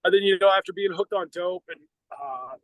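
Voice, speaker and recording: A man's voice: high-pitched, a little fast, fairly bright tone, dry recording, poor audio. A middle-aged American man, a podcast co-host, telling a long personal story in a blunt, profane, rambling way with many restarts. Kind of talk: casual storytelling.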